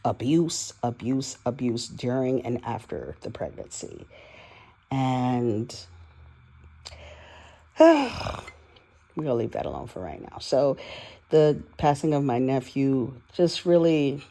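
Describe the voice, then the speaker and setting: A woman's voice: rumbling low, expressive, slow pace, long pauses, warm tone. A woman in her forties rambling candidly and emotionally through a personal audio diary, swearing now and then. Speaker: vlogger. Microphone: voice-only recording, no video.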